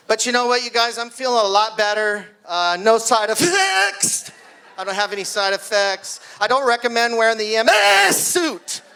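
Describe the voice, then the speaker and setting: A man's voice: high-pitched, smooth. A man in his sixties telling a stand-up story at his own birthday party, acting out the screams and voices of the people in it. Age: 60s. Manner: animated storytelling, acts out screams. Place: party hall with guests.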